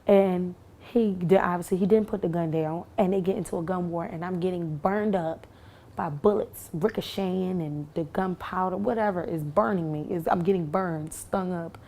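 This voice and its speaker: A young woman who survived a shooting gives a testimony to camera in a low, gravelly, dark-toned voice. She speaks haltingly, with lots of fillers and restarts.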